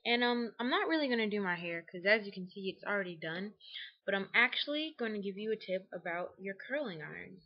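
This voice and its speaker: A woman's voice: medium pitch, lively intonation, fairly quick. Chatty young woman, lo-fi webcam sound. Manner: chatty, with many fillers and acted quotes. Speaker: beauty vlogger. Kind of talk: casual how-to tutorial. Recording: dull lo-fi webcam audio.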